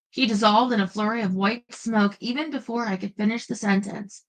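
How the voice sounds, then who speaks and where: A woman's voice: medium pitch, fairly quick, few pauses, low-quality recording. A woman reading a first-person paranormal romance aloud with playful expression, stopping now and then for chatty asides. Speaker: audiobook narrator.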